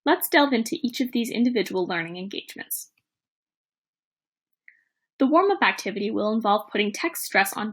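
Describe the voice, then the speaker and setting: A woman presenting a teaching plan in a measured, read-aloud narration. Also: fairly high pitch, a bit bright, husky.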